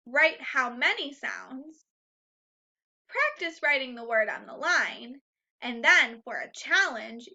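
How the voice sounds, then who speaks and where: Slow, high-voiced woman teaching phonics. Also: sharp tone. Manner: slow, clear, repeats each word three times; encouraging, upbeat. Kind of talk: phonics lesson for young children. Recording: slightly dull, lo-fi sound.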